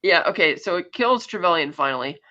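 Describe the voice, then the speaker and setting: A woman's voice: lowish voice, expressive, a little fast, pushed and bright. Rambling woman podcast co-host, lo-fi sound. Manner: rambling, chatty retelling. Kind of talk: casual chat recapping a film plot.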